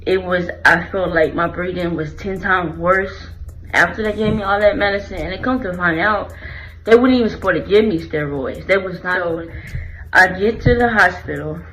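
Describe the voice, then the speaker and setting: A woman's voice: lowish voice, moderate pace, background noise. Earnest woman telling a personal story. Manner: earnest, emotional, repeats phrases as she recalls. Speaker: vlogger sharing her illness story.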